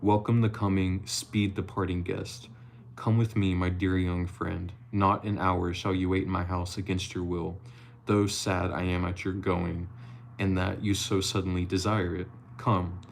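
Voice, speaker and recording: A man reading the lines of a courtly old vampire count, slow and stately in a storybook reading. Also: sits low, little pitch movement, gravelly, slight background noise.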